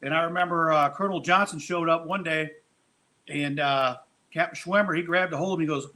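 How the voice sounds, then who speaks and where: A man hosting a casual chat over a video call, telling stories in a loose, profane, animated way. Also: fairly high pitch, fairly quick. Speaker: podcast host.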